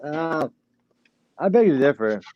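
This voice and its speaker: Speaking slowly with big swings in his fairly high pitch, a man hosts a casual live stream on lo-fi audio. He talks bluntly, swears a lot, and brags about getting through on little sleep.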